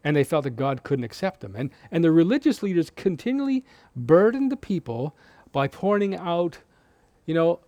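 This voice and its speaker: A male preacher talks through scripture in a relaxed, explanatory way, his pitch rising and falling with real animation. His voice is warm and mellow, and it sits a little on the higher side for a man. The sound is close and dry. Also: moderate pace, no room sound. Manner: explanatory, conversational, with frequent restarts. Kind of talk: Bible teaching sermon.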